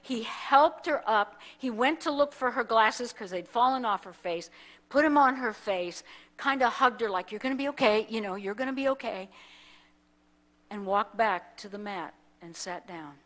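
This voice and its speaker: Woman minister, somewhat high voice, animated sermon storytelling that acts out the people in it, church setting. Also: moderate pace. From United States. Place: church sanctuary.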